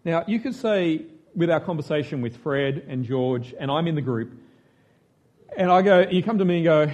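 A man's voice: a little high, expressive, normal speed, darkish tone. A man preaching a conversational sermon, self-mocking and chatty, often asking his listeners questions.

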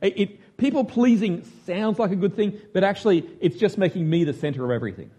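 Husky, high-voiced chatty preacher man. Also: lively intonation, fairly quick, warm tone. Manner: self-mocking, chatty, asks the room questions. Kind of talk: conversational sermon.

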